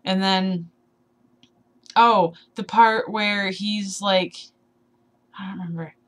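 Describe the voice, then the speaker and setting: A twenty-one-year-old vlogger chats casually in a tag video, speaking slowly with a medium-pitched, fairly even voice. Slightly sleep deprived, she rambles, giggles, and pokes fun at herself.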